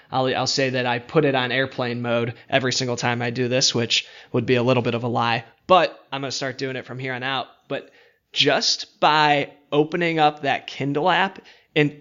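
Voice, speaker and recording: A man hosting a podcast, relaxed and lightly joking in casual conversation. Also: medium pitch, lo-fi sound. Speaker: podcast host.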